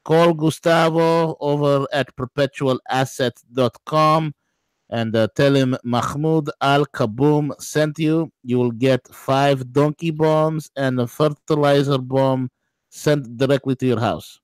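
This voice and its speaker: A man's voice: mid-range voice, fairly even intonation, slow, smooth, no echo, lightly acted, rough recording. A man putting on a grandiose, over-the-top announcer voice to sign off a radio talk show. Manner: grandiose, hyping.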